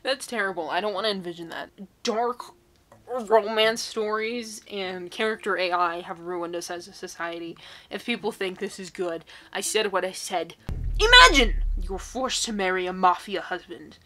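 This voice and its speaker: Woman, twenties, bright tone, sarcastic, reading and reacting to posts. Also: medium pitch, expressive, moderate pace, faint music behind. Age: 20s. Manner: sarcastic, with incredulous outbursts. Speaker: YouTuber.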